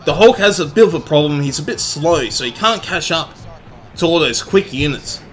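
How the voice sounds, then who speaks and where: A man giving energetic, joking gameplay commentary, full of swearing and bursts of excitement. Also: fairly high pitch, normal speed. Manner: energetic, jokey, profane. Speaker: game commentator. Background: faint background music.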